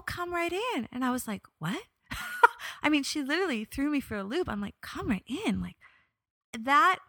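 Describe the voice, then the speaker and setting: A young woman with a bright, ringing voice tells a story from her own life on her podcast, lively when she acts out what she said and softer when she reflects. She is recorded up close in a dry, dead room. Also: on the high side, no echo. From New York area. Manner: expressive, animated when quoting herself, reflective. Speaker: podcast host. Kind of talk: personal storytelling monologue.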